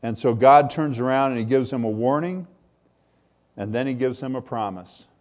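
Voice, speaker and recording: A man's voice: medium pitch, moderate pace, darkish tone. Man preaching a sermon. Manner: preaching with rising emphasis, reads scripture aloud. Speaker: pastor.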